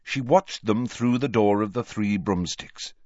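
A man narrating an audiobook with expressive storytelling. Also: lowish voice, unhurried, no echo, lo-fi sound.

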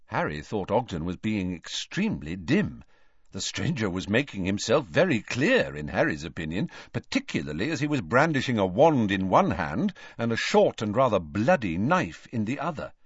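Brief: male audiobook narrator, expressive pitch, dry lo-fi sound. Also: moderate pace, husky, no echo. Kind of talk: scripted narration. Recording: dull dry lo-fi recording.

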